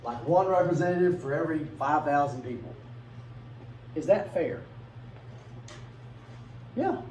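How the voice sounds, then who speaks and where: A man's voice: a little high, a little mellow. A man teaching a class in a casual, conversational way, asking his students questions and briefly acting out voices. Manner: conversational, asks the class questions, acts out quick bits in funny voices. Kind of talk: classroom lecture. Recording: echoey classroom from a distance, faint room noise.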